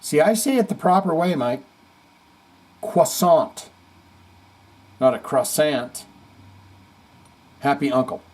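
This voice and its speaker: A man's voice: a little high, darkish tone, breathy edge. A man hosting a casual heavy metal chat stream, reading viewer comments aloud with jokey asides. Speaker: host.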